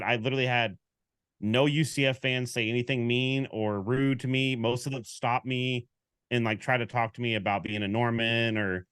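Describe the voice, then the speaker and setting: A man's voice: mid-range voice, clear, resonant tone, no echo. Sports podcast guy rambling through a story, acting out the other people, dry close sound. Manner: animated storyteller, acts out quoted exchanges. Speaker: podcast co-host. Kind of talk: casual sports chat.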